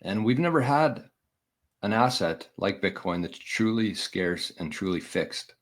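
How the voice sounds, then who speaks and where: A man's voice: on the low side, animated, measured pace. A man hosting a casual solo show, talking in a chatty, opinionated way and often correcting himself mid-sentence. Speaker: podcast host.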